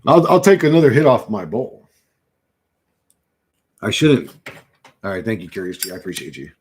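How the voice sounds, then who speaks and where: A man's voice: on the low side, very animated, normal speed, a little mellow, slight background noise. A man in his thirties hosting a livestream, ranting in a rambling, profane, conspiratorial monologue into a computer mic at his desk. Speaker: livestream host.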